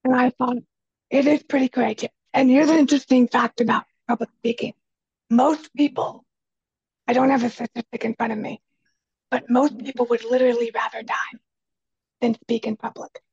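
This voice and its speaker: Quiet, very raspy woman guest. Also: a little high, steady tone, a little fast, no echo, dull audio. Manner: earnest and emphatic, repeats key phrases. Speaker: podcast guest, speaker and kitchen coach. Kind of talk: casual conversation.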